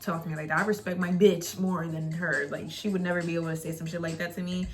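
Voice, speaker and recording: A woman's voice: on the low side, fairly even intonation, quick pace, hardly any pauses, soft background music. A young woman casually chatting to camera in a vlog, candid and rambling, swearing freely and often laughing. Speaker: vlogger. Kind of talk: casual storytime chat.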